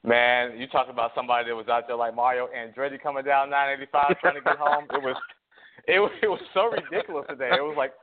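A man's voice: mid-range voice, steady tone, fast. Man, co-host, casual sports talk, slightly out of breath, rambling, tinny phone sound. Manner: rambling, laughing, repeats words. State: a little out of breath.

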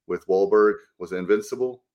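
A man's voice: fairly low pitch, brisk, dull audio. A man hosting a casual sports chat, rambling with enthusiasm, steering the talk. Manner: enthusiastic, rambling, runs the show. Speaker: podcast host.

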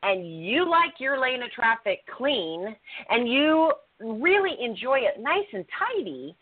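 A woman co-hosting a talk show, chatting casually and laughing, swearing now and then as she makes her points. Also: a little slow. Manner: lively and laughing, swears casually, big pitch swings. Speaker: podcast co-host. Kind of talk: casual conversational coaching talk. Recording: tinny phone-like line.

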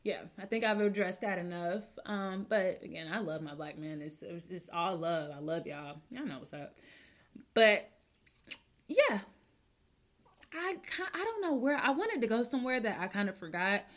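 A woman's voice: medium pitch, expressive, normal speed. A woman hosting a casual call-in talk show alone, speaking openly and emotionally after a few drinks, often asking listeners whether they follow her. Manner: candid and chatty, often asks listeners to agree.

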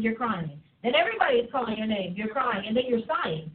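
Brief: exuberant woman show host, high voice, phone-thin sound. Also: lively intonation, fairly quick, narrow, tinny audio. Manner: exuberant, preachy, laughing. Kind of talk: lively live show chat.

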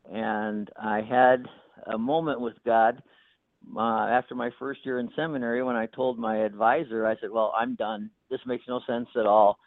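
A man in his sixties tells a personal story with soft chuckles and plenty of "you know" fillers. His voice comes over a tinny phone line and sounds dry and close. His pitch sits in a middle range for a man. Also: no echo. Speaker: pastor and author. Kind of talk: telling a personal story in an interview.

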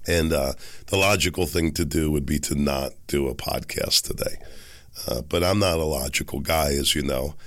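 A man hosting his own podcast, hoarse and raspy from a cold, giving emphatic commentary. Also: a bass voice, normal speed, a bit bright, dry recording. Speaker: podcast host.

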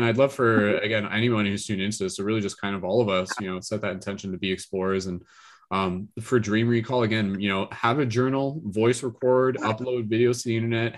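A man hosting a group discussion podcast, talking in a relaxed, rambling way with many fillers. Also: on the low side. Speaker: podcast host leading a dream discussion.

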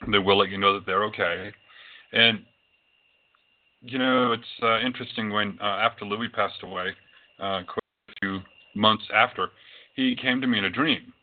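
A man's voice: on the low side, normal speed, long pauses. A man who works as a psychic medium, telling his own experiences in a loose, rambling way with many fillers. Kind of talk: casual storytelling talk. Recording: tinny phone-like audio.

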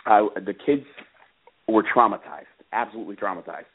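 A man calling in to a radio show, telling his own story in an earnest, halting way with many fillers. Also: lowish voice. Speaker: father calling in about his case. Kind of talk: personal account on a call-in radio show. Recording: tinny phone line.

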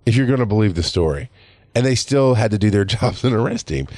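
Profane heated podcast host, low voice. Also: male voice, very animated, fast, a little mellow, no echo, clean studio sound. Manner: profane, heated storytelling, acts out others' voices. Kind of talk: casual monologue.

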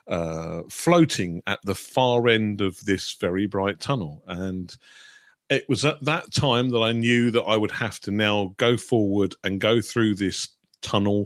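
A man's voice: fairly low pitch, no room sound, studio quality. A British man, a medium and guest, telling a long personal story on a chat show with many fillers and restarts.

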